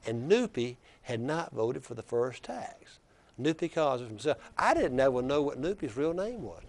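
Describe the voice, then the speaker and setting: A man's voice: medium pitch, big pitch swings, normal speed. An older man, a former state legislator telling political anecdotes in a rambling, conversational way. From Alabama. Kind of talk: storytelling in casual conversation.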